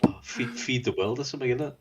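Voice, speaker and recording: A man's voice: mid-range voice, fast talker, breathy edge, dull audio. A man co-hosting a podcast in casual chat, laid-back with dry quips. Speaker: podcast co-host.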